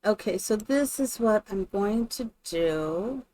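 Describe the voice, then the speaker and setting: Female streamer, mid-pitched voice, casual running commentary while building in a game, thinks aloud and greets viewers by name. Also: lively intonation, slow, mellow. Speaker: live streamer.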